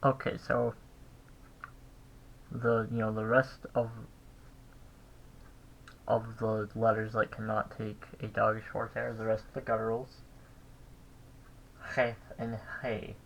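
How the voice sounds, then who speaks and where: A man giving a casual recorded language lesson, thinking aloud with pauses and restarts. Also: lowish voice, completely flat delivery, creaky, dull audio, a little hiss or hum. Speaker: language teacher.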